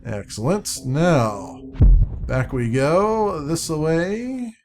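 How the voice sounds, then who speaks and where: A man giving casual let's-play commentary, chatty and thinking out loud as he plays. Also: a little high, animated, extremely slow, background noise.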